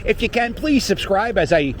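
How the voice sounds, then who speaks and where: A man's voice: high voice, big pitch swings, moderate pace. A middle-aged man, chatting casually and joking with some cursing as he rides through city streets. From Philadelphia. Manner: rambling, joking, profane. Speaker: vlogger riding a scooter. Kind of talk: casual chat while riding. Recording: faint street noise.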